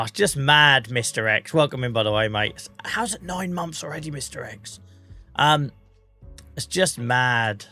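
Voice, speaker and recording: A chatty man from the UK with an English regional accent, a bit under the weather, talking on a live stream. His voice is bright and forward, with faint music playing behind him. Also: medium pitch. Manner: chatty, laughs often, British slang. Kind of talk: casual live-stream chat.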